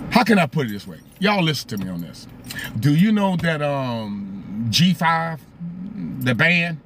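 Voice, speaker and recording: A man's voice: on the high side, a bit bright, slight background noise. A man hosting a live stream, talking casually, greeting viewers by name and asking them rhetorical questions.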